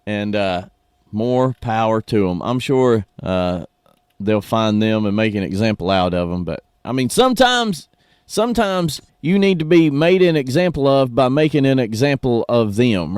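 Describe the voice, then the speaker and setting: A man's voice: medium pitch, dry recording. A man hosting a morning radio show, folksy and opinionated, talking from a studio. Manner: folksy, animated, opinionated, says "y'all".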